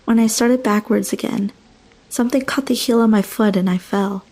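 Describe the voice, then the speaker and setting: A woman narrating a first-person horror story in a hushed, slow, tense storytelling manner. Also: a little high, fairly even intonation.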